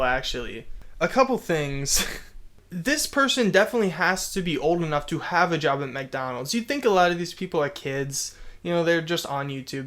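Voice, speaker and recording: A man with a somewhat high voice talks through viewer comments in a casual, joking way. He is amused throughout, dropping sarcastic asides and frequent little laughs. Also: a bit bright. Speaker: YouTube commentator.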